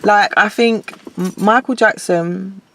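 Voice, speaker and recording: A woman's voice: medium pitch, steady tone, slow, fairly bright tone, a little hiss or hum. A woman musician speaking in a casual interview, earnest and reflective, laughing easily. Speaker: guest musician.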